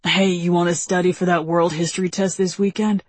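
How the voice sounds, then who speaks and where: A woman's voice: fairly low pitch, flat delivery, brisk, dry recording, lightly acted. A woman reading a laid-back teenage boy. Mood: mellow. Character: easygoing teenage boy, low-key and polite.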